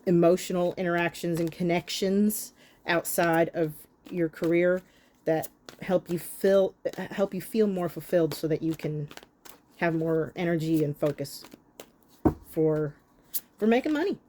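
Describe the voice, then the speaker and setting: A woman's voice: on the low side, measured pace, mellow, slight background noise. A woman giving a tarot reading straight to the camera. She scolds her listeners bluntly, swears freely, and hammers her points home with short repeated lines. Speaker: tarot reader.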